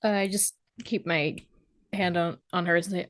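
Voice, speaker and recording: A woman's voice: on the low side, steady tone, normal speed, no echo, clean studio sound. A woman taking part as a player in a tabletop game, talking hesitantly. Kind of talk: casual tabletop play.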